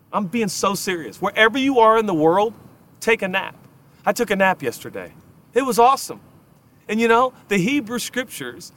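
Conversational, emphatic male pastor preaching. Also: fairly high pitch. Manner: conversational, emphatic, swings between hushed and loud. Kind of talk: sermon.

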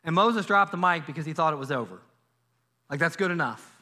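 A male pastor preaching a sermon in a church, telling a Bible story in a lively way and acting out the characters' lines. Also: fairly high pitch, brisk. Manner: animated storytelling, acts out biblical dialogue. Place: church sanctuary.

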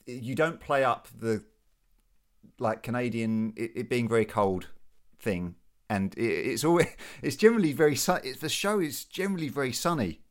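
A British man with a mid-range voice asks questions in a relaxed interview. He speaks thoughtfully, hesitating and repeating words as he works out what he means. The tone is conversational. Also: mid-range voice, normal speed. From Britain. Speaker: podcast host. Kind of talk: casual interview.

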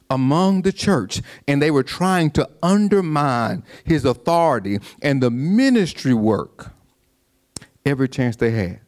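A male pastor, preaching in a loose, conversational way full of restarts and asides to the room. His voice sits somewhat high and swings widely in pitch. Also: big pitch swings, measured pace. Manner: conversational, repetitive restarts, call-and-response asides. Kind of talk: sermon.

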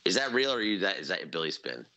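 A man's voice: sits low, sing-song, fast, pushed and bright, dull audio. A man joking around in profane, casual podcast chat.

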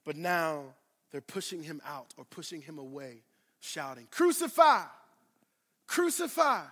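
A man preaching a sermon, swinging from loud declarations to hushed asides and repeating phrases for emphasis. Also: fairly high pitch, unhurried, in a large hall. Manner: addresses congregation directly, repeats phrases for emphasis. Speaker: pastor.

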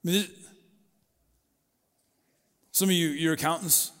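A middle-aged man preaching a sermon in a relaxed, conversational way, storytelling and acting out quoted voices. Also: fairly high pitch, normal speed, long pauses, big-room sound. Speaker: pastor.

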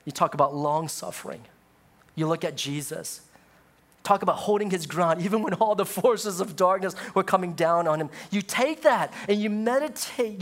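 A male pastor preaching a sermon, moving from loud, high exclamations to low, hushed passages.

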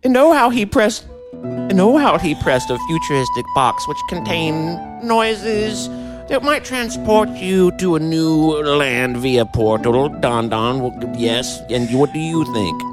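Pompous sorcerer of old, a man putting him on, slow and sweeping, music behind. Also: fairly high pitch, expressive. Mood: proclaiming. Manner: theatrical, drawn-out proclamations. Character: grandiose medieval male sorcerer, pompous.

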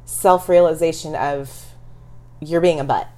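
A woman's voice: low-pitched, fairly even intonation, unhurried, warm tone. Candid, reflective middle-aged woman. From Texas. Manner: candid, reflective, laughs often. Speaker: interview guest. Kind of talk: casual conversational interview.

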